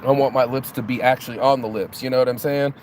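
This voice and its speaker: A man delivers a loose motivational monologue at a middle pitch, full of rhetorical questions and restarts. His voice is recorded outdoors, with clear traffic noise behind him. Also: steady tone, fast. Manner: preachy, rhetorical questions, repeats and restarts words. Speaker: motivational vlogger.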